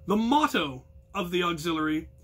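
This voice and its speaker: A man's voice: sits high, very animated, moderate pace, faint music behind. A man leading a crew, giving an earnest instructional talk that explains its protocols. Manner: earnest, explanatory, with bursts of loud call-outs. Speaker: captain of a hobby combat crew, instructor.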